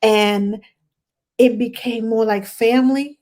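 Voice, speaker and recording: A woman's voice: a little high, fairly even intonation, slow, darkish tone. A woman who is a career nanny, chatting casually and telling stories, acting out the voices of the people she quotes and laughing often. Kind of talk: casual conversation, storytelling.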